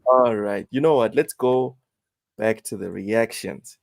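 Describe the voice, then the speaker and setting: A man in casual gaming podcast chat, with a somewhat low voice. He jokes around and stammers a little as he talks. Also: measured pace, vocal fry. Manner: stammering, jokey. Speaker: podcast co-host.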